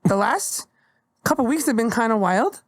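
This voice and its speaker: A young adult woman comedian hosting a podcast, speaking candidly and with energy, swearing casually in relaxed chat. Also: on the high side, normal speed, no room sound, studio quality.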